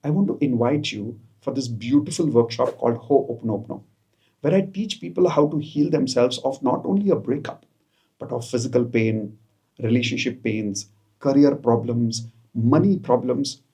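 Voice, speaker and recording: Husky self-help coach. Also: male voice, medium pitch, moderate pace, mellow. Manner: coaxing, repeats each phrase, mixes in Hindi. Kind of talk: guided affirmation session for viewers. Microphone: camera, self-recorded.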